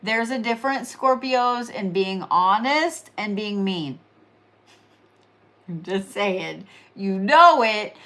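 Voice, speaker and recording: A woman's voice: mid-range voice, a bit bright. Chatty tired woman with Oklahoma accent. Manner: chatty and teasing, repeats phrases for emphasis. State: tired, yawning. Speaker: astrology and reiki livestream host. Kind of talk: casual horoscope reading.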